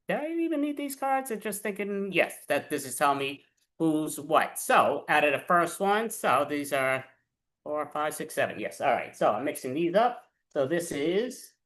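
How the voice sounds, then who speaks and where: A woman's voice: low-pitched, lively intonation, a little slow, fairly bright tone. A woman hosting an improv comedy show, chatting casually in a rambling, self-deprecating way while sorting cards and props. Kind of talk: casual chat.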